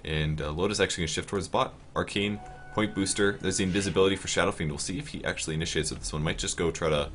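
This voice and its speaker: Fast-talking low-voiced male game caster. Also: faint music behind. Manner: fast, rising to excited shouts on big plays. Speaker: esports caster. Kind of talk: play-by-play game commentary.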